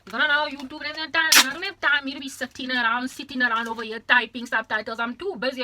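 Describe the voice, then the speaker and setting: A woman's voice: sits high, fairly even intonation, fast talker, few pauses, bright, forceful tone, a little hiss or hum. A young South African woman with a South African accent, vlogging in an exaggerated, repetitive ranting monologue that slips into Afrikaans.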